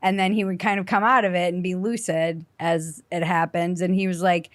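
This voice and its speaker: A middle-aged woman hosting a podcast, telling stories in a casual, animated way and acting out the people in them. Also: on the low side, moderate pace, few pauses, no echo. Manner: animated storyteller, acts out voices. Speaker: podcast host. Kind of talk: casual storytelling chat.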